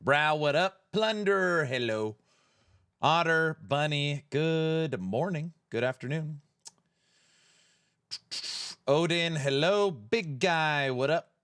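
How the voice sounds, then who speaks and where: Slow, bright-voiced playful streamer man. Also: a little high, animated, clean tone, no room sound, clean studio sound. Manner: playful, jokey, greets viewers one by one. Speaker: live-stream host. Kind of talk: casual live-stream chat, reading out viewer names.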